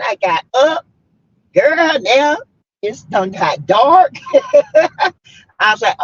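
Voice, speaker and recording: A woman's voice: a little high, sing-song, slow, pauses often, a bit bright, breathy edge, no room sound. A woman hosting a casual live stream, chatting and greeting viewers by name. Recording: dull lo-fi stream audio.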